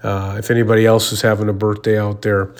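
Male host, fairly low voice, casual self-mocking storyteller who rambles. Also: level tone, quick pace. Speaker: radio host.

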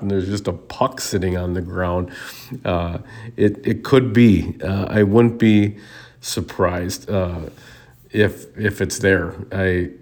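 A man from Minnesota hosting a show, telling funny stories in a casual, rambling way with hesitant restarts. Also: lowish voice. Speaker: podcast host. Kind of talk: casual monologue.

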